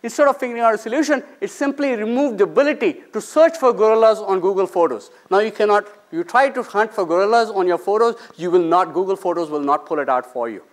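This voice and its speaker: Fast and high-voiced with few pauses, a man who teaches finance talks to his students in a conversational lecture. He questions the audience and slips into quick impressions of the people he quotes.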